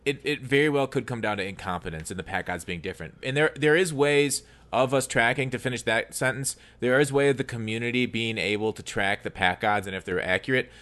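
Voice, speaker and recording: A man's voice: medium pitch, brisk, few pauses, fairly bright tone. A man reasoning through an argument in a casual podcast debate, often restarting his sentences. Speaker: podcast co-host.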